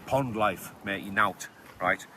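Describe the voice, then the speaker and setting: A man's voice: lowish voice, takes it slowly, pushed and bright, slight background noise. A man, a fighter, mocking and taunting a rival with a stream of coarse insults outdoors. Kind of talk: insulting call-out rant.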